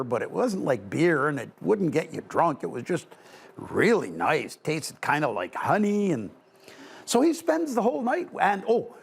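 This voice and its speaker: A man telling a folk tale to children in an animated, conversational way, with asides to his listeners. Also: a little high, creaky, breathy edge. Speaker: storyteller. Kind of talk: live oral storytelling for children.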